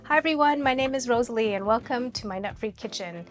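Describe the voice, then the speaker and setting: A woman's voice: on the high side, fast talker. A woman hosting her cooking channel, chatting playfully and explaining each step as she cooks in her kitchen. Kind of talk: casual cooking vlog. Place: home kitchen with food sizzling. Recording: background music under the voice. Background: music and sizzling pan.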